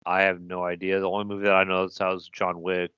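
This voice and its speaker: A fairly low-pitched man talks movies on a podcast in a loose, back-and-forth way, keen and ready to argue. The sound is dry and close, with no room around it. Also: completely flat delivery, fast, fairly bright tone, smooth, dry recording, dull audio. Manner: enthusiastic, argumentative fan talk. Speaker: podcast co-host. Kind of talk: casual chat.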